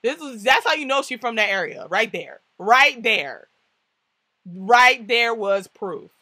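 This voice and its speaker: A young woman from the tri-state area talks through a TV episode in a loose, slangy vlog. Her pitch swings widely and her tone is bright and sharp. The sound is close and dry. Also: slow pace, dry recording. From New York–New Jersey tri-state area. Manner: animated, slangy, laughs often, acts out quotes. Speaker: TV show reviewer. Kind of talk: casual vlog review.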